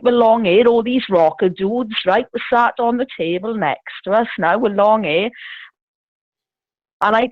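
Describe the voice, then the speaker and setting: A woman tells a long, rambling story with plenty of laughter and swearing. Her raised voice swoops up and down in lively bursts. It comes through a dry, tinny phone line. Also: on the high side, no room sound. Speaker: caller telling a story. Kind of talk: casual storytelling chat.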